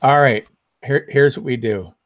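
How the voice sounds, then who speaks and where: A man's voice: mid-range voice, moderate pace, no echo. Man, tabletop player, decisive persuasive tone, dry sound. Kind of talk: casual chat as a tabletop player.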